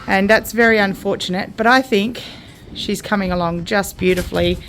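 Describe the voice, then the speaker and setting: An Australian woman in a casual homestead vlog, speaking in an everyday mid-pitched voice from an outdoor milking shed. She talks to her viewers and breaks off to coo gentle praise to her cow, with faint farm noise behind her. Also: moderate pace. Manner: coos soothing praise to the cow between explanations. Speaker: homesteader vlogger.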